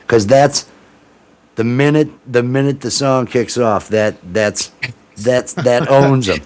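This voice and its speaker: A man hosting a casual livestream, talking in a loose, rambling way with swearing and excitable restarts. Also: mid-range voice, slow. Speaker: livestream host. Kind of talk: casual chat.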